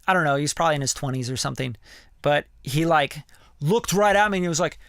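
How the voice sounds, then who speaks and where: A man's voice: a little high, lively intonation, quick pace, fairly bright tone, clean tone, dry recording, clean studio sound. A man who produces music, talking casually on his live stream, candid and rambling, full of "like" and "you know" and ready swearing.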